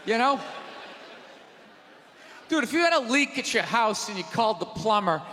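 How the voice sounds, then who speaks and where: A high-pitched, sharp-edged male comic rants loudly and with exasperation from a theater stage. His voice rings out into a long hall reverb, with an audience faintly audible behind him. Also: very animated, moderate pace. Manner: loud, ranting, exasperated delivery. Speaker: stand-up comedian. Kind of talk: stand-up comedy set. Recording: live theater recording with long reverb and crowd.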